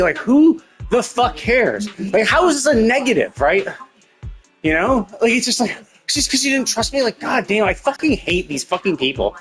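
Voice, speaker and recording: Male streamer, fed-up profane rant, fairly high voice, faint game music behind. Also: very animated, moderate pace, fairly bright tone. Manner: profane, exasperated ranting. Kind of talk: live gameplay commentary.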